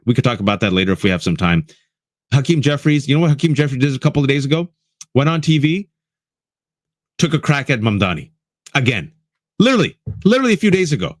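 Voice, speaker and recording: A man's voice: mid-range voice, fairly bright tone, no room sound, clean studio sound. A man delivering a fiery, sarcastic political monologue, hammering points with emphatic repetition. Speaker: political commentator.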